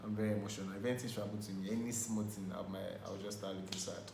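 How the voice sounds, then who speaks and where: Young man, co-host, expressive and playful; echoey room, faint hum. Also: fairly low pitch, racing. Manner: expressive, bursts of laughter, playful protest. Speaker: co-host of a couples channel. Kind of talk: casual chat.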